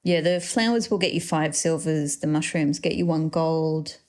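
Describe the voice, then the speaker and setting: A woman's voice: sits low, a little mellow. A woman chiming in as an expert co-player on a let's play, offering friendly tips. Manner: chatty, helpful tips, quick to laugh. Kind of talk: casual gameplay chat.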